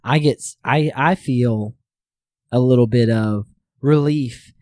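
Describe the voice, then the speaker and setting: A man's voice: medium pitch, slow, darkish tone, no echo, clean studio sound. A man hosting a casual podcast chat, talking earnestly and reflectively and repeating phrases while he thinks. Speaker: podcast host.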